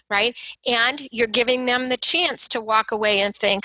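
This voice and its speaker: A woman speaking in a thoughtful, earnest way, her voice bright and a little high. She leans into quoted lines as she talks them through. The sound is close and dry. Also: a little slow, dry recording, low-quality recording. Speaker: parent of a son with substance use. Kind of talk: casual conversation on recovery support.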